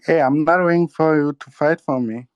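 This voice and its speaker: A man's voice: fairly high pitch, normal speed, clear, resonant tone, no room sound. Man, Haitian accent, caller, blunt, argumentative, dull muffled line. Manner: blunt, pushes back. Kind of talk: argumentative call-in talk.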